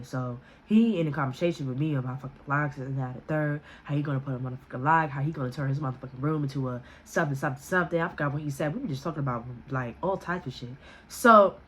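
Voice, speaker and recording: A woman vlogger telling a story in casual storytime style, profane and animated, acting out what others said. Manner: animated, profane, quotes people with raised pitch.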